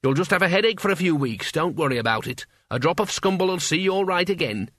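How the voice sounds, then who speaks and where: A man's voice: on the high side, animated, fast talker, a bit bright, dry recording, voice pushed up. A man voicing a wary middle-aged tavern landlord who placates and worries. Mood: reassuring.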